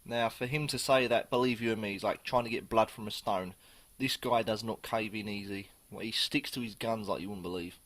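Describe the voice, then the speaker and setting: A man's voice: on the low side, fairly even intonation, brisk, hardly any pauses, a bit bright. A man chatting casually through a beer review on his channel, rambling, swearing and correcting himself as he goes.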